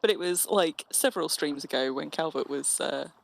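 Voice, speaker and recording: Streaming an online game, a woman with a deep, gravelly voice keeps up casual, teasing gaming chat at normal speed. She's chatty and tends to restart phrases.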